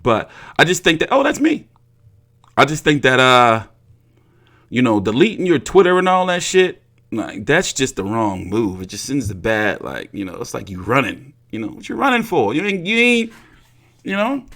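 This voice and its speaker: A man's voice: mid-range voice, wildly swooping pitch, moderate pace, vocal fry, fairly bright tone. A young man hosting a boxing commentary vlog, talking casually with lots of slang and profanity. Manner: profane, repetitive, street slang.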